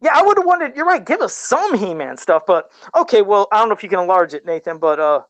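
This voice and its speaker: High-voiced excitable podcast host. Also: male voice, fairly quick, no room sound, poor audio. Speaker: podcast host and toy customizer. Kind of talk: casual podcast chat.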